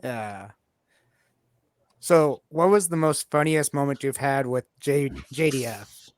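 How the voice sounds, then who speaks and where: A man's voice: medium pitch, slow, dry recording, studio quality. A man hosting a casual interview, asking easygoing questions in the tone of a fan. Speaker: podcast host.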